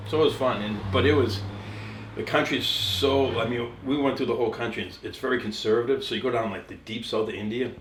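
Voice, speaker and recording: A man, a trainer, telling rough stories in casual chat, swearing and laughing through them. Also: mid-range voice, steady tone, fast, reverberant, slight background noise. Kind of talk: casual storytelling.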